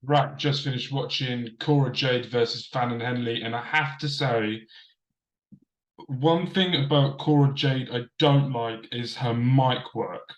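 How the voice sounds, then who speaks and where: A man's voice: medium pitch, steady tone, unhurried, reverberant, highs cut off. A man hosting a casual wrestling review show, chatting straight to camera from a desk and repeating himself for emphasis. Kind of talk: casual commentary. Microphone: desk camera setup.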